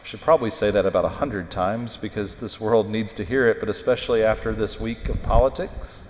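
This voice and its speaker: A man preaching a sermon in a church, retelling a story with animated, emphatic delivery. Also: fairly low pitch, brisk. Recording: echoey hall with long reverb.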